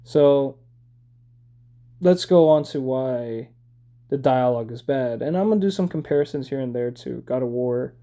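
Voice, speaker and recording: A man's voice: medium pitch, moderate pace, mellow. A man ranting in a casual, rambling way while he draws, blunt and swearing, with lots of fillers. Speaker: drawing video creator. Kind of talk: casual rant while drawing.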